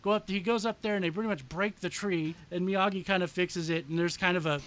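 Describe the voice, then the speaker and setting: A man co-hosting a podcast, describing a favorite scene in excited, profane casual chat. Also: sits high, brisk, lo-fi sound. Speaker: podcast co-host.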